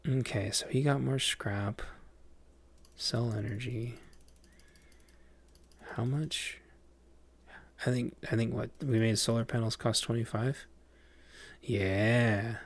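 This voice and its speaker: A man streams a game and chats loosely with his viewers. His voice has a gravelly fry at mid pitch, and he wanders through his thoughts with many ums and restarts. The sound is close and dry. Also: no echo. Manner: rambling, lots of fillers and restarts. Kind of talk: casual livestream chat while playing a game.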